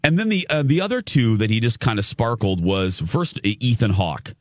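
A man's voice: medium pitch, expressive, normal speed, dry recording, clean studio sound. A man hosting an entertainment show, chatting casually and enthusiastically as he retells a celebrity encounter in a gushing, storytelling manner. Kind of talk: casual chat.

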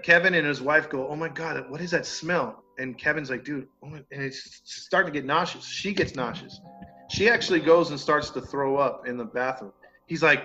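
Male podcast storyteller, bright and forceful voice, animated and acting out the quoted people, slightly high pitch; dull lo-fi recording with faint music. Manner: animated, acts out quoted neighbors, mild cursing. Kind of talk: casual storytelling chat.

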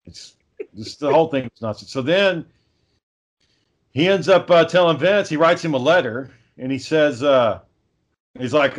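A man's voice: a little high, expressive, a little slow, long pauses, lo-fi sound. A man in casual podcast chat, telling a long story with plenty of swearing, fillers and restarts. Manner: rambling profane storytelling with many fillers.

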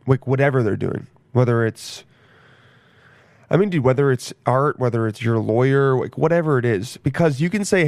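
Rambling, swearing young man with a gravelly voice. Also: medium pitch, normal speed, a little mellow, no room sound. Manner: rambling, profane, self-mocking. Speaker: podcast host. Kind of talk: casual monologue.

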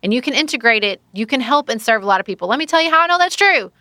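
A woman's voice: on the high side, lively intonation, very fast, pushed and bright, no echo. A woman guest on a book-review podcast, speaking earnestly and emphatically. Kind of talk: casual book-review chat.

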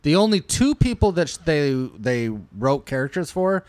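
Podcast guy chatting movies, jumpy lively voice, stumbles on words, dead dry sound. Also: fairly high pitch, normal speed, clean tone, no echo. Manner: animated, jokey, stumbles over words. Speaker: podcast co-host. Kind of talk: casual movie chat.

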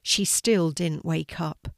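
An older woman, a grandmother, gently reading a children's story aloud. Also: low voice, steady tone, takes it slowly, creaky, dry recording, studio quality.

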